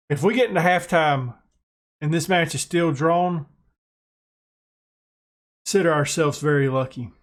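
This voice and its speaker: American guy, gaming commentary, excitable, self-mocking, a bit high-voiced. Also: a little slow, long pauses. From United States. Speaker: gaming YouTuber. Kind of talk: casual gameplay commentary.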